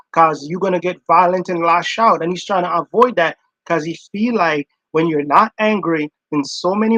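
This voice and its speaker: Higher-voiced guy rambling over clips on his stream, acting out quotes, dry sound. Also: a bit bright, dry recording, poor audio. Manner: rambling, acts out quoted lines. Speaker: commentator, stream host. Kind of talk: casual commentary on played clips.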